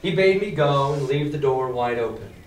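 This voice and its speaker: Man, teacher, lively classroom reading, emphatic, distant mic, faint room noise. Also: mid-range voice, normal speed. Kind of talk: reading aloud and explaining to a class. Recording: echoey classroom from far off.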